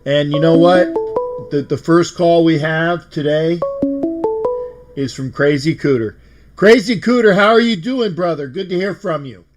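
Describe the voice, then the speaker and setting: A man's voice: fairly high pitch, measured pace, soft background music. A man hosting a fan call-in livestream, emotional and exuberant, often repeating himself. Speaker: show host.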